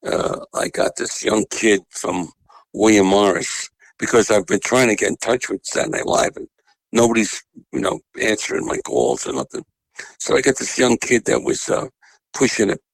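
A man's voice: fairly low pitch, vocal fry, dry recording, low-quality recording. A man, a comedian telling profane showbiz stories as a guest. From Long Island, New York. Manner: salty, profane, animated yarn-spinning. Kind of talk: anecdotal storytelling.

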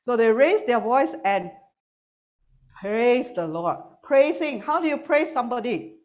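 Woman preacher, lively and teasing, mid-high voice, jumps between loud and soft. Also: a little slow, lo-fi sound. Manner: animated, teasing, swings between loud and quiet. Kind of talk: sermon with humor. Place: church hall with online congregation.

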